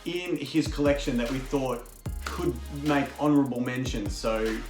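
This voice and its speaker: A man's voice: medium pitch, normal speed, music in the background. A man, hosting casually and chatting enthusiastically with his guest. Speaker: host. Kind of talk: casual chat.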